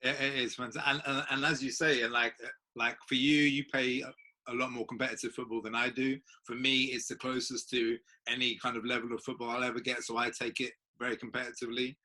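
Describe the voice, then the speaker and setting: Young host, bright tense voice, lots of ums and likes. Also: male voice, mid-range voice, level tone, fairly quick. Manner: hesitant, filler-heavy. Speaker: podcast host. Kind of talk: casual chat.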